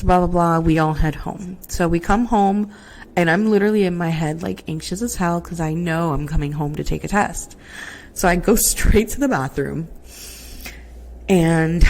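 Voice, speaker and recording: A woman's voice: fairly low pitch, darkish tone. A young woman hosting a podcast, telling her own story in a casual, emotional way with lots of fillers, recorded on a laptop mic at home. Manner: emotional, chatty, many fillers and "like". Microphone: laptop microphone.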